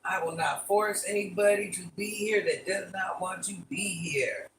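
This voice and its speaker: A woman's voice: medium pitch, normal speed, a little hiss or hum. An older woman hosting a casual live stream, chatting with viewers and repeating requests to like and subscribe. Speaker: livestream host. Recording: echoey room, voice from far off.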